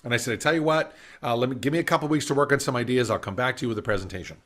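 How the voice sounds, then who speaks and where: A middle-aged business speaker tells a story at a summit, animated and voicing the people he quotes. His medium-pitched voice races along, captured over a video call microphone.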